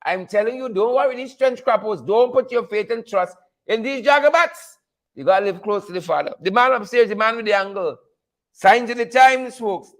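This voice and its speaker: A Guyanese man hosts a live stream, greeting viewers while he rants with sarcastic, preachy fire in his commentary. His voice is high and a bit bright, and he talks at a normal speed.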